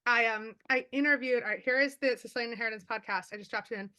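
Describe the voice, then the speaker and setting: Author guest, female, lively anecdote-teller, bright tone, on a call. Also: a little high. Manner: fast, animated storytelling with many fillers. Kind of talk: casual chat.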